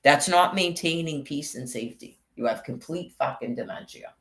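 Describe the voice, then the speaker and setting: A man's voice: a little high, normal speed, a bit bright. A man delivering an angry, rambling monologue, swearing constantly as he rants. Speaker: vlogger. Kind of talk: profane ranting monologue.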